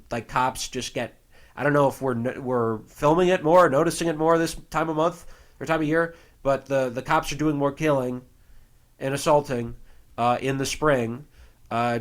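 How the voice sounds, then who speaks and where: Co-hosting a podcast, an American man talks at normal speed with a medium pitch and fairly even intonation. His casual conversation wanders, full of fillers and restarts.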